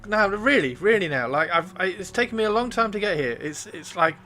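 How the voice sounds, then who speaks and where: Brief: a man playing a begging, stammering snail, pitched up, bright. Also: lively intonation, a little fast, a little hiss or hum. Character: pleading persistent male snail at a bar.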